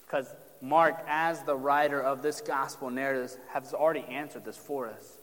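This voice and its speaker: A man's voice: medium pitch, steady tone, normal speed, a bit bright, big-room sound. A pastor preaching a sermon, addressing his congregation directly and building emphasis as he reads from Scripture.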